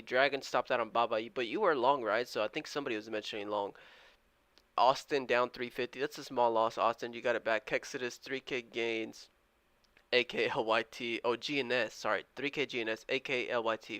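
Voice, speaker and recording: A man's voice: mid-range voice, clear, resonant tone, dry recording. A man live-streaming his day trading, chatting casually with viewers and keeping his voice down at home. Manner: chatty, reads out viewer comments and counts aloud; talking kind of quiet. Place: indoors at home.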